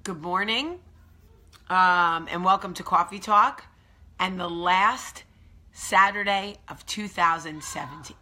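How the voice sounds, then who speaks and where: A woman's voice: fairly low pitch, slow pace, bright, forceful tone. A woman with a New Jersey accent hosting a casual morning vlog at home, chatty and emphatic. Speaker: host.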